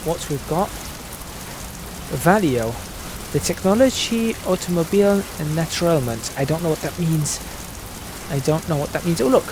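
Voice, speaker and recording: A man talks through his gameplay in an easygoing, rambling way, narrating each little step out loud. His voice sits a touch higher than most men's. The sound is dry and close, from a desk microphone at home. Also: dry recording. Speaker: gaming video creator. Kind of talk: casual gameplay commentary.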